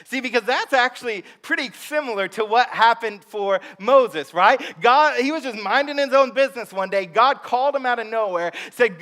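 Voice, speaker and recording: A male pastor delivers a sermon in a church, mixing scripture with humorous storytelling and playful acted asides. His voice sits high and comes across bright and forceful. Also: normal speed, few pauses. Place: church sanctuary.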